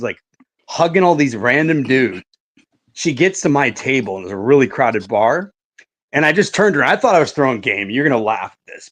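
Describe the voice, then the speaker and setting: A man's voice: mid-range voice, slightly rough. A middle-aged man telling a story in casual podcast chat, swearing a lot and saying "like" and "right" often.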